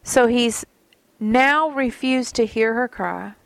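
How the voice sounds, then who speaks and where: A woman teaching from the Bible in a musing, conversational tone, sometimes sinking nearly to a whisper. Her voice has a gravelly edge, and the recording is dry and close with little room sound. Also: a little high, slow, no echo.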